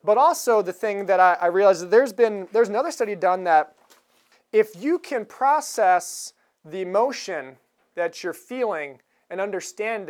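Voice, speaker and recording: A woman's voice: medium pitch, a little mellow. Woman preaching a chatty sermon. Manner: conversational, chuckles while retelling a film scene.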